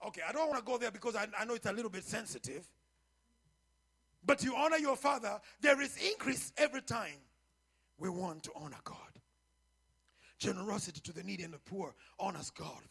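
A man preaching as a pastor, building from quiet teaching into shouted, half-sung exhortation and calls to the congregation. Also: sits high, a little fast, creaky, pauses often, husky. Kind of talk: sermon.

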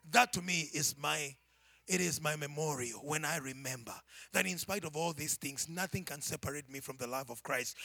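A man preaching a sermon to his church, swinging from shouted climaxes to hushed, near-whispered asides. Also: high-pitched, creaky, slightly rough, dry recording, clean studio sound.

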